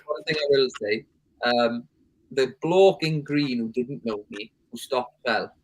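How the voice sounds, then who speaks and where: A man talking casually as a podcast guest, relaxed and self-deprecating. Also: mid-range voice, unhurried, no room sound, rough recording. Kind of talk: casual chat.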